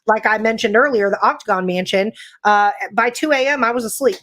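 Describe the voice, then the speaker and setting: A woman from California, a paranormal investigator, talking in a chatty, animated way full of "like" and "you know". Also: on the high side, brisk. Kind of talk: casual podcast chat.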